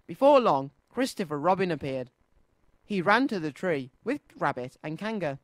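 A male children's radio presenter reads a storybook aloud. His pitch swoops lively and sing-song. The sound is dry and close. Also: normal speed, no room sound.

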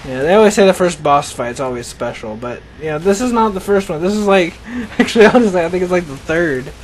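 A young man with a fairly high voice rambles through his gameplay, teasing the enemies and laughing at his own jokes. Faint background hiss sits under his talk. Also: lively intonation, a little fast. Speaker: gaming channel host. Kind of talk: casual gameplay commentary.

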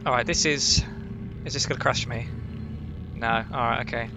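A man hosting a casual let's-play from home, excitable, jumpy and heavily profane. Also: medium pitch, moderate pace, noisy background. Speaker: gaming channel host.

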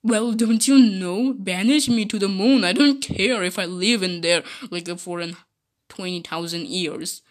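A defiant younger pony princess, voiced by a woman, sassy and taunting, dropping "like" into every line. The delivery is slow and unhurried, with a middling pitch for a woman. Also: natural voice. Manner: sassy, taunting, says "like" a lot.

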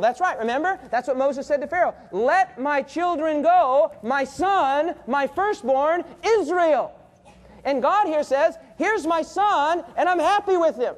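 A man preaching a sermon to a congregation, reading scripture aloud and pausing so the listeners fill in the missing words. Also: very high voice, darkish tone. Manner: reads scripture aloud, emphatic. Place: church.

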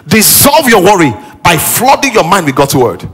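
A man's voice: high-pitched, very animated, normal speed, few pauses, a bit bright, breathy edge, soft background music. A man preaching a sermon as pastor in a church auditorium, building to exclaimed emphasis.

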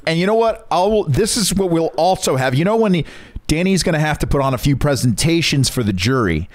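Co-host, young man, lively swings, dry mic, teasing hype man. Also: fairly high pitch, fairly quick, no room sound. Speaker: podcast co-host. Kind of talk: crude comedic podcast banter.

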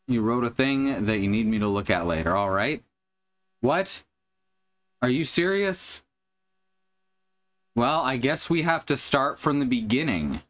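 A man's voice: medium pitch, expressive, normal speed, fairly bright tone. A man streaming a video game live, chatting to viewers with casual, wry commentary.

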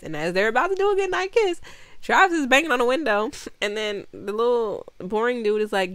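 A woman's voice: medium pitch, normal speed, a bit bright, dry recording. A young woman recapping a movie in a casual, rambling way, full of "like" fillers, blunt swearing and frequent laughter. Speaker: movie reviewer.

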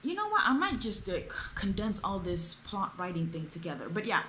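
A woman's voice: fairly low pitch, animated, normal speed, fairly bright tone, a little hiss or hum. A young woman, ranting through a book review, exasperated and swearing, with lots of fillers. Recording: echoey room.

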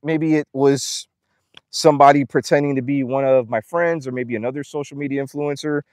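A man's voice: mid-range voice, fairly even intonation, a little fast, darkish tone, no room sound, clean studio sound. A young man livestreaming casually outdoors at an animal ranch, reading donor names and talking to the animals. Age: young adult. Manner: chatty, reads donor names aloud, coos at animals.

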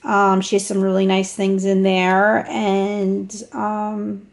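A woman casually showing off a handmade travel journal to the camera, talking in an unhurried way with fillers and small restarts. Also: medium pitch, completely flat delivery, vocal fry. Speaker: craft vlogger. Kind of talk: casual show-and-tell narration.

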